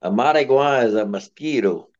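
A man's voice: medium pitch, fairly quick, darkish tone, muffled recording. A man with a Cajun accent, co-hosting a casual podcast, rambling and hedging in a good-humored way. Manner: rambling, hesitant, self-correcting, good-humored. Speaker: podcast co-host. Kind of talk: casual chat.

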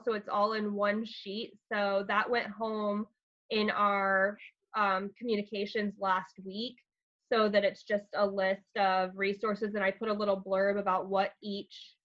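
Woman, school counselor, podcast guest, earnest, step-by-step explaining, bright, lo-fi audio. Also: mid-range voice. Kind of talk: casual podcast interview. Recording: slightly dull, lo-fi sound.

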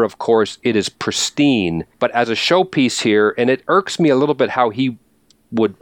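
Middle-aged man, music commentary, emphatic, quick restarts, mid-pitched voice, dry close sound. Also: no echo. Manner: talks fast with restarts, emphatic and animated.

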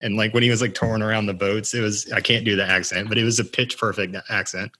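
A man's voice: fairly low pitch, little pitch movement, quick pace, pushed and bright. A man co-hosting a casual sports and culture podcast, rambling through stories with frequent restarts and laughs. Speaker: podcast co-host.

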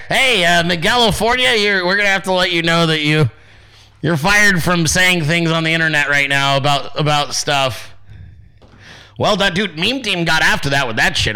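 A man hosting a podcast, ranting in a casual, sarcastic and profane way with loud outbursts. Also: a little high. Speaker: podcast host.

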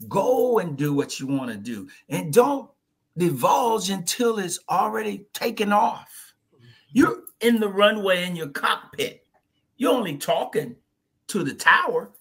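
A man guesting on a podcast, telling his story in a lively, folksy way and slipping into little voices. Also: sits high, unhurried, breathy edge. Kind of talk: animated storytelling in conversation.

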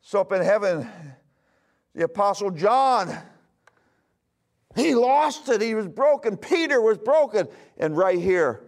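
A male pastor preaching a sermon with emphasis, swinging between loud bursts and hushed lines. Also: high-pitched, animated, a little slow, pauses often.

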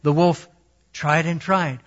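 Male storyteller, slightly high voice, very slow and deliberate read-aloud; dull lo-fi recording. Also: fairly even intonation. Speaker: storyteller and Bible teacher. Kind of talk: reading a children's story aloud.

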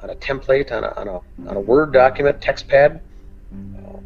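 A man's voice: medium pitch, normal speed, creaky, narrow, tinny audio, faint music behind. A man co-hosting a true-crime podcast, going through facts methodically, point by point. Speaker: podcast co-host, group admin. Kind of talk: detailed discussion.

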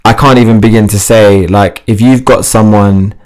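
Man, lowish voice, animated, laughs easily, restarts sentences, interview guest. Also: normal speed. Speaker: fitness TV presenter, interview guest. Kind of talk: casual interview chat.

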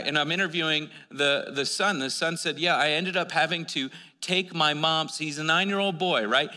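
A man's voice: on the high side, pushed and bright. A man preaching a sermon, telling stories in a conversational way with many restarts. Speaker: pastor. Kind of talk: sermon with storytelling. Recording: long hall reverb.

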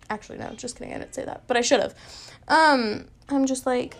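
A teenage girl tells a rambling everyday story in a casual, chatty way. Her voice sits a little high. She fills her talk with "like" and keeps making fun of herself. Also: fairly quick. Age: late teens. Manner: chatty, full of "like" and self-mocking asides. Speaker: vlogger.

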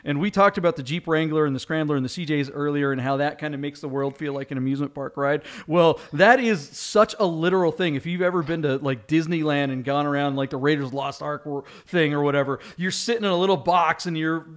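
Animated man chatting about cars. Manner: animated storyteller, jumps into high excited voices when telling anecdotes. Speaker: car show co-host. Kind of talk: casual car chat.

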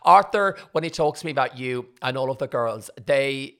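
An Irish woman hosting a casual chat, telling animated stories and acting out the exchanges she quotes. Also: extremely low pitch, moderate pace.

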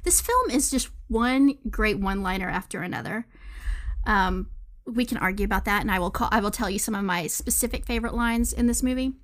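A woman's voice: mid-range voice, a little fast, a bit bright. A woman co-hosting a podcast in casual chat, talking with enthusiasm and rambling through fillers and restarts. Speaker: podcast co-host.

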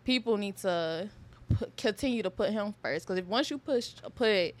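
A woman's voice: medium pitch, animated, normal speed. A young woman co-hosting a casual faith podcast, telling stories hesitantly with many fillers. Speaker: podcast co-host.

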